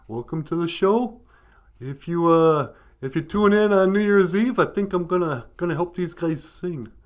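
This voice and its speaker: A man's voice: fairly high pitch, normal speed, close to an everyday voice. A man voicing a goofy young male reservation dog that jokes at its own puns, in a puppet comedy. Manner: jokey, laughs at own puns.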